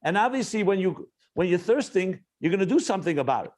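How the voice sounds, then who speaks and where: A rabbi giving a spoken Torah class, his voice a little higher than most men's. He talks earnestly, weaves stories into the teaching, and often restarts his sentences as he thinks aloud. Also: expressive, fast talker, a little mellow. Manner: earnest, storytelling, frequent restarts.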